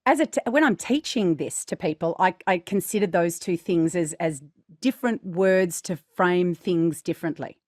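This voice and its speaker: A woman's voice: lowish voice, normal speed, darkish tone, no echo, clean studio sound. A woman co-hosting a podcast as a voice teacher, explaining ideas carefully and hedging with "you know" and "like". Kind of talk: casual chat.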